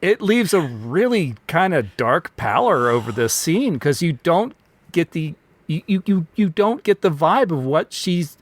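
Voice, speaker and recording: A man co-hosts a podcast, talking through an old film in a relaxed way. He thinks aloud and asks questions, often restarting his sentences. His voice is a little higher than most men's. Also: a little slow. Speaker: podcast co-host. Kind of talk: casual film discussion.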